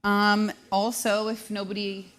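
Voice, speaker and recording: A woman in her thirties hosting a live show, telling brash, self-deprecating comic stories at a quick clip. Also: medium pitch, little pitch movement, fairly bright tone, slight background noise. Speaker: host. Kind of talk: live comedic storytelling.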